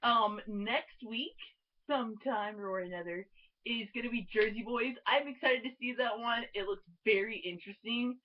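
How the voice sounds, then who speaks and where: A woman's voice: fairly high pitch, normal speed, slight background noise. A young woman reviewing a movie in a casual vlog, bubbly and giggly, full of filler words. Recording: dull lo-fi webcam audio.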